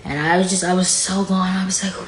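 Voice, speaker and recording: A fast-talking woman with a lowish, steady voice shares a painful personal story as a podcast guest, with slight background noise. She's frank and casual, full of "like," and now and then nearly cries. The recording is in an echoey studio with faint music.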